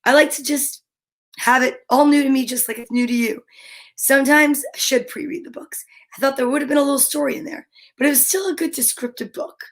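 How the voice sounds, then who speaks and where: A woman reading picture books aloud for young children in a casual, chatty way, stopping to comment cheerfully between pages and slowing to a lilting rhythm for rhyming verse. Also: sits high, steady tone. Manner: slows down and lilts when reading verse.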